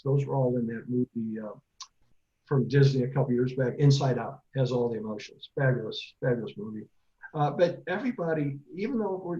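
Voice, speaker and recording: A man's voice: medium pitch, dark tone, highs cut off. A middle-aged man, a therapist and author, giving a casual online talk to parents, telling stories with many fillers.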